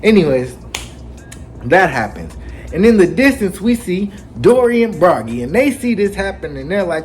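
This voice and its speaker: A man hosting a casual anime chapter recap, telling it with lively slang and acting out the characters. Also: high-pitched, moderate pace. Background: faint background music.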